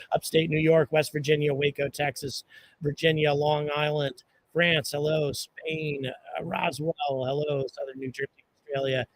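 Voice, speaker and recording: Male live stream host, mid pitch, relaxed and chatty, loose delivery full of ums, outdoor setting. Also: poor audio. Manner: relaxed, chatty, many fillers, greets viewers by place. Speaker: livestream host. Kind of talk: casual live stream chat. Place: outdoors at a launch site.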